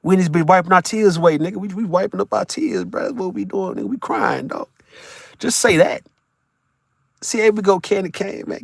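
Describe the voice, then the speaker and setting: A man's voice: high voice, lively intonation, moderate pace, gravelly, dry recording, studio quality. A man live-streaming from his vehicle while driving for work, chatting loosely with viewers in a boisterous, profane way and laughing often. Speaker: live streamer talking to chat. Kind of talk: casual live-stream chat.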